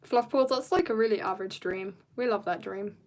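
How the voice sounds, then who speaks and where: Drawing on stream, a woman with a medium-pitched voice chats casually at a fairly quick clip. She rambles through jokes and sometimes drifts into soft mutters.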